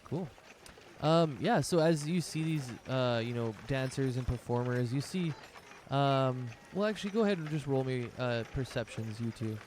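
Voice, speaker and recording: A man's voice: mid-range voice, moderate pace, darkish tone, slight background noise. A man narrating as game master of a tabletop game, rambling loosely with many fillers.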